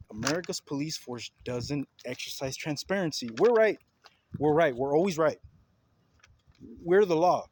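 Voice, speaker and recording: Angry guy venting at the camera, kinda high voice, slight hiss behind. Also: a little mellow, poor audio. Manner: heated, repetitive, confrontational. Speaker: vlogger. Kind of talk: ranting video commentary.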